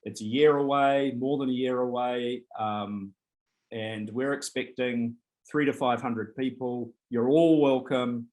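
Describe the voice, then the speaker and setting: A man's voice: mid-range voice, fairly even intonation, measured pace, darkish tone, rough recording. A man presenting his research programme in an online symposium, enthusiastic and often restarting his phrases.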